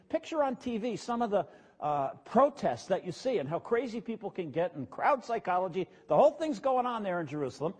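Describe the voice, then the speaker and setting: A pastor with a strikingly high, husky voice preaches in a relaxed, everyday way. He talks to his congregation like he's chatting with them, dropping asides as he goes. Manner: casual, plain-spoken preaching with asides to the congregation. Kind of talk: conversational sermon.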